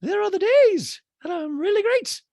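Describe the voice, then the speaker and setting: Man mimicking a gushing dramatic socialite woman, squealing high falsetto, slow and swooping. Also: animated, a little mellow, no echo, clean studio sound, heavily acted. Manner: breathy, drawn-out, theatrical falsetto. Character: gushing, melodramatic reality-TV woman.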